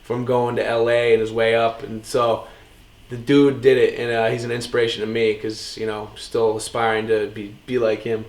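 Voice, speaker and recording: A young man co-hosting a podcast, chatting casually and excitedly about a movie, quick and jokey. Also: mid-range voice, roomy sound. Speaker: podcast co-host. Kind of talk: casual chat.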